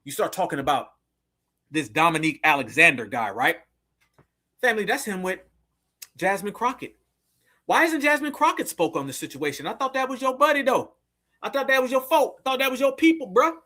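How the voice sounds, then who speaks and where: A man's voice: very high voice, pushed and bright. A man giving blunt, sarcastic commentary to his viewers, calling them family. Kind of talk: casual commentary.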